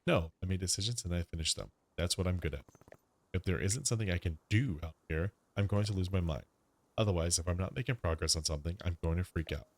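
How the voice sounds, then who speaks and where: A man's voice: deep voice, fast talker. A man voicing a blunt, impatient young woman, a former fighter, who talks in a pushy, curt way.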